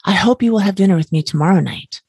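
A woman's voice: medium pitch, expressive, fast talker, a little mellow, slightly rough, dry recording. A woman voicing a big genteel dog. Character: big genial clever male dog.

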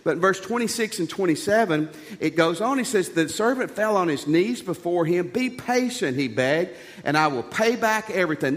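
A man preaching a sermon as a pastor, folksy and animated, with jokes and rhetorical questions. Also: high voice. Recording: long reverb of a large hall.

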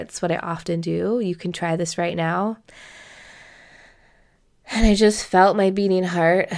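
Gravelly earnest woman podcast host. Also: fairly low pitch. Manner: reflective, earnest storytelling. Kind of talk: personal story told to listeners.

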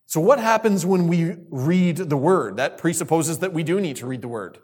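A man's voice: on the high side, expressive, normal speed, darkish tone. A man giving a sermon to a youth group, asking the listeners questions and repeating key phrases for emphasis. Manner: asks questions and calls on listeners. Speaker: youth speaker.

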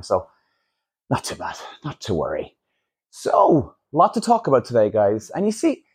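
A man's voice: mid-range voice, darkish tone, husky. A man hosting a casual solo podcast, talking bluntly and swearing freely as he rants. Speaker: podcast host.

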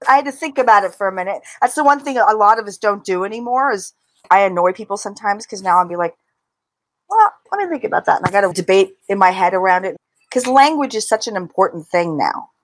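Animated middle-aged woman in a dry room. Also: mid-range voice, quick pace, no echo. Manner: animated, acts out inner voices. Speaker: interview guest, author. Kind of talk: conversational interview.

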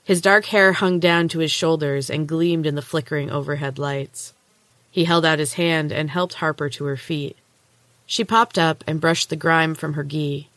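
A woman podcast host narrating a novel chapter aloud in a steady, measured way. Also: low-pitched, dry recording. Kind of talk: storybook narration.

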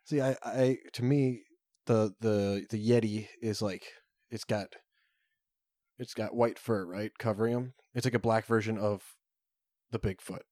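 Man, podcast co-host, low voice, rambling, fillers, dry close sound. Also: fairly even intonation, a little mellow, no room sound. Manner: rambling, halting, many fillers. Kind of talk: casual chat.

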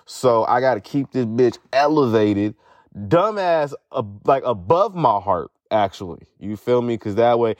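A man's voice: mid-range voice, animated, measured pace, dry recording. A young man hosting a podcast alone, talking casually in a rambling, profane way while in pain from a foot injury. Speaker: podcast host. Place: sitting outdoors at home.

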